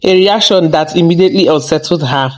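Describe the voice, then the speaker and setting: A man's voice: fairly high pitch, brisk, low-quality recording. A man hosts a celebrity news channel. He recaps the story and then talks straight to his viewers in a chatty way. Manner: chatty, addresses viewers directly. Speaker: host of a celebrity gossip channel.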